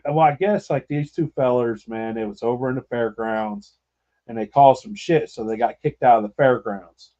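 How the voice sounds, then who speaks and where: A man's voice: mid-range voice, moderate pace, dark tone, lo-fi sound. A man hosting a podcast, telling a rambling, profane story with laughter in casual chat. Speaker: podcast host.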